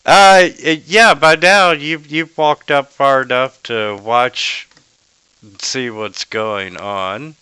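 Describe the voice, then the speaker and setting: A man running a tabletop game who talks very slowly and in a measured way. His voice is bright and very clear, recorded dry and close. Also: medium pitch, no room sound. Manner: slow, halting narration of combat rolls. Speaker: game master.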